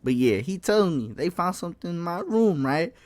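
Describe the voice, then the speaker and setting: A young man in a casual storytime vlog, slangy and animated, swearing often and calling the listener folk and bro. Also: fairly high pitch, normal speed, no echo. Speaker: vlogger.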